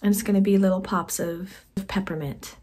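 A woman vlogger chatting casually about her knitting projects in a soft, conversational way that often trails off quietly. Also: mid-range voice, steady tone, a little fast, husky. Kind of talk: casual chat to camera.

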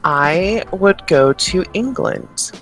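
A man's voice: high-pitched, lively intonation, drawn-out words, vocal fry, a bit bright, soft background music, low-quality recording. A man co-hosting a podcast in casual chat, hesitant and often repeating his words with small laughs. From Pacific Northwest of the United States. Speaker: podcast co-host.

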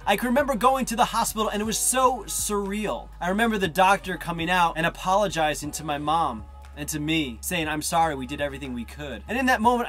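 A man in his thirties from northern New Jersey telling his personal faith testimony, animated and acting out the voices he quotes. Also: high-pitched. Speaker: testimony speaker.

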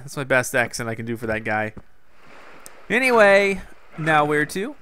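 A man's voice: on the high side, big pitch swings, normal speed, pushed and bright, slight background noise. Chatty man narrating his gameplay. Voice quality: chatty, thinks aloud and addresses viewers as "guys". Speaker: gaming video host. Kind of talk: casual gameplay commentary.

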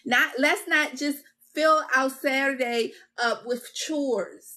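A woman's voice: high-pitched, slow, sharp tone. A woman hosting a self-care video, giving an encouraging talk with a repetitive, preacher-like cadence and addressing her viewers as y'all. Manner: casual and conversational with confessional asides. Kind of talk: motivational self-help talk.

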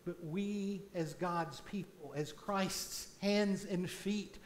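Slow, deliberate preaching man. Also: high voice. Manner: slow deliberate preaching, swelling loud on key points. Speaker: pastor. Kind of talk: sermon. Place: church sanctuary.

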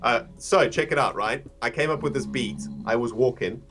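A man's voice: mid-range voice, moderate pace, over music. A man chatting casually on a livestream, laughing often and reading out donations.

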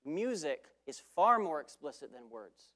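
A man's voice: a little high, sing-song, measured pace, a bit bright. Emphatic man preaching a sermon. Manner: emphatic, repeats key phrases, self-correcting asides. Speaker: guest preacher.

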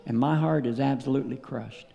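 A middle-aged man preaching a sermon at a tent meeting, telling a personal story and building to loud, emotional peaks. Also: mid-range voice, brisk, vocal fry, in a large hall, highs cut off. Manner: storytelling, rising to loud emotional peaks, acting out his story with sound words.

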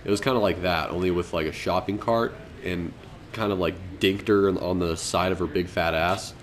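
A man's voice: sits low, fairly even intonation, moderate pace. A young man, a podcast co-host, telling a story in loose, profane casual chat and laughing often. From Colorado.

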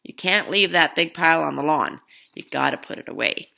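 A woman's voice: deep voice, lively intonation, a little fast, creaky. A woman reading a picture book aloud to children, chatting to her young listeners between pages. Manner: warm asides to young listeners, light laughs. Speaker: storybook reader.

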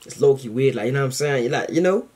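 A man hosting a reaction video, chatting casually to camera in a rambling, slangy way full of fillers, excited and grateful. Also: medium pitch, rapid-fire, noisy background.

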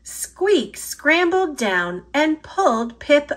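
American woman reading aloud to kids, very slow and lilting, high, bright voice. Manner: expressive, sing-song and very slow. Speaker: storybook reader. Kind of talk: slow read-aloud for children.

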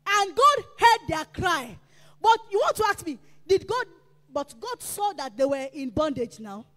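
A woman preacher delivering a sermon, emphatic and repetitive, rising to shouts. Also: very high-pitched, very animated, a little slow, in a large hall. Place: church.

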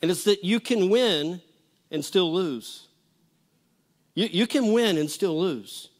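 A middle-aged pastor preaches at normal speed in a church auditorium, his voice sitting unusually high for a man. He tells stories in a folksy manner, often tripping over and restarting his phrases.

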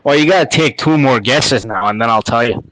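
A man's voice: medium pitch, a little fast, fairly bright tone, no room sound, low-quality recording. A man from Canada calling in to a live chat, laid-back and teasing. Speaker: caller.

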